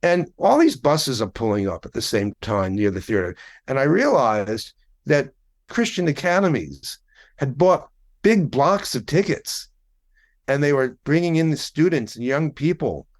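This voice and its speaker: A man's voice: medium pitch, sing-song, a little slow. A man in his sixties, a podcast guest, telling a story in a wry, conversational way and swearing now and then. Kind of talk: casual anecdotal storytelling.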